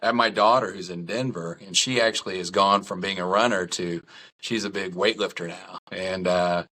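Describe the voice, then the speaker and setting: A middle-aged man, a podcast guest, telling stories in a casual chat, lively, candid and self-deprecating. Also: low-pitched, moderate pace.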